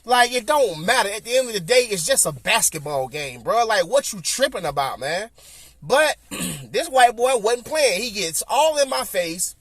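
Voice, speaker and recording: High-voiced Southern man telling a story. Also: moderate pace, dry recording, clean studio sound. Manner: animated, repeats himself, acts out quotes. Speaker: podcast host. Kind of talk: casual storytelling.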